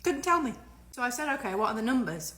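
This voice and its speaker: A woman's voice: fairly high pitch, very animated, fast, sharp tone. A British woman vlogger telling a short story to camera in a chatty, amused way.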